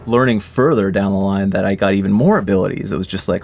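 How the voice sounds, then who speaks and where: A man's voice: deep voice, fast, vocal fry, few pauses, darkish tone, a little hiss or hum. A man recalling a memory in an interview, casual and enthusiastic. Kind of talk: interview recollection.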